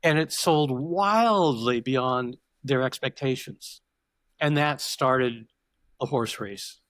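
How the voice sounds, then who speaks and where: A man's voice: medium pitch, slow pace, a bit bright, dry recording. An older man, a podcast guest, telling stories reflectively in conversation, often restarting his sentences. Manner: reflective and digressive, with frequent restarts. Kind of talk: conversational interview storytelling.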